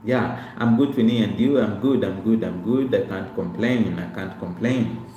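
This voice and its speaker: A young man chats casually on a live stream, greeting viewers by name and repeating himself while he talks through his life story. His voice is fairly low and mellow, at a moderate pace, with the highs cut off. The room is echoey, with faint background noise.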